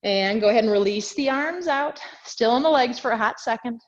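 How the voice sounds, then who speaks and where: In lo-fi sound from a video call mic, a woman with a slightly high voice talks fairly quickly. She's a yoga instructor guiding her class, chatty and self-correcting, a little out of breath from doing the poses herself.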